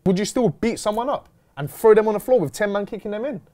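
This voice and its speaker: Young guy telling a story, talks fast, voice jumping all over. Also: high-pitched. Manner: animated, slangy, retelling with quoted dialogue. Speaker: host. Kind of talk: casual storytelling chat.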